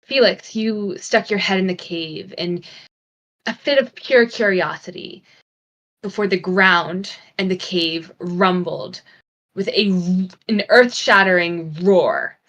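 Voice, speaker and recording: A woman narrating a tabletop game as game master, dramatic and dropping to a hush for suspense. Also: on the low side, takes it slowly.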